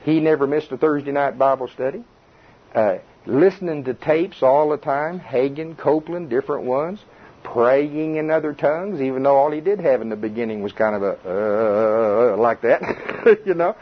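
A man's voice: medium pitch, moderate pace, muffled recording. A man preaching an informal sermon, conversational and quizzing the congregation. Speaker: pastor.

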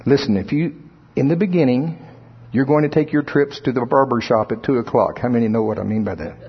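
A man's voice: mid-range voice, fairly quick, husky. A man preaching a sermon in a conversational way, sometimes acting out the voices of churchgoers. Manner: conversational, playfully acts out congregants' voices. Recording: dull lo-fi sound.

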